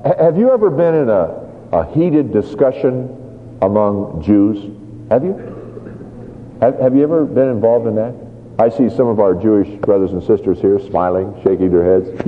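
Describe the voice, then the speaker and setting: A man preaching a sermon, telling a Bible story with lively, acted-out scenes. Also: mid-range voice, moderate pace. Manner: animated storytelling, acts out scenes. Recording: tinny phone-like sound in a reverberant hall.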